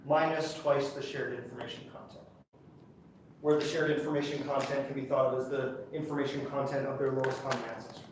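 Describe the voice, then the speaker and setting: A man's voice: fairly high pitch, far from the mic, a little hiss or hum. Chatty male lecturer in an echoey hall. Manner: chatty, enthusiastic, checks in with "okay?". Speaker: university lecturer. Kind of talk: classroom lecture.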